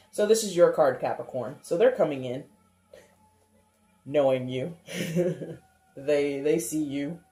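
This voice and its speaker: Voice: medium pitch, dark tone. A tarot reader giving a casual reading, chatty and thinking aloud, with frequent laughs. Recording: roomy echo.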